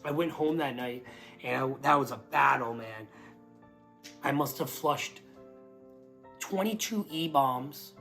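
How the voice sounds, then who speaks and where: A young man giving a casual spoken testimony, rambling with lots of "like" and restarts, and bursting into excitement as he relives moments. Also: medium pitch, slow pace, gravelly, long pauses, soft background music. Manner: rambling storytelling full of "like" and restarts.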